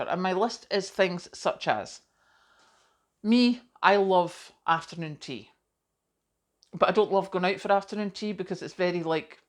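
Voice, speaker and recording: A middle-aged woman, chatting casually to camera as a vlogger, self-deprecating and full of asides. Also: fairly low pitch.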